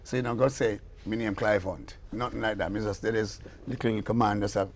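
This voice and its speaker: A man's voice: on the low side, fast, slight background noise. An older man with a Jamaican accent, a musician telling stories in a casual interview, acting out the voices in his tales. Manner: animated storyteller, acts out quoted dialogue. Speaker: guest musician and producer.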